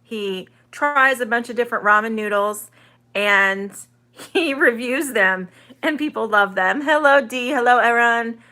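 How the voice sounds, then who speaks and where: A woman teaches English on a live stream, with a bright, clear tone. She talks unhurriedly, answers viewers' comments as they come in, and draws out each vowel sound with care. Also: a little high. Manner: chatty, reads viewer comments aloud and answers them; sounds out vowels slowly and carefully. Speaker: online ESL teacher.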